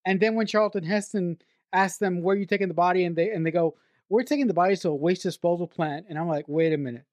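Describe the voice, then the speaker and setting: A woman co-hosting a podcast in casual film-review chat, excitable, swearing freely and often stumbling over her words. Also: fairly low pitch, fast talker, no echo. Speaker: podcast co-host.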